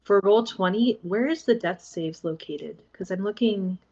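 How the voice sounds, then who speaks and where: A young woman playing a tabletop game online, hesitant and pausing often. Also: mid-range voice, a little mellow, highs cut off. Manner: hesitant, with many pauses and "um"s. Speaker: player. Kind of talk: casual chat at a game table.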